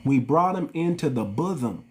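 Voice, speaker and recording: A man's voice: on the high side, lively intonation, normal speed, darkish tone. A man with an African American English accent hosting a livestream, ranting to his viewers in a preachy, repetitive way and calling them family. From United States. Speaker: channel host.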